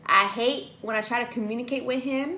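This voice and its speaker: A woman co-hosting a casual vlog while eating, animated and acting out the lines she quotes in quick bursts. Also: a little high, echoey room, low-quality recording. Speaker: vlog co-host.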